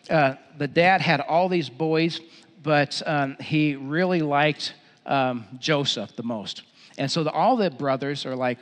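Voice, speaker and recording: A middle-aged pastor delivers his sermon in a church auditorium, his fairly high voice carrying a long reverb. He tells the story in an animated way and often repeats his phrases.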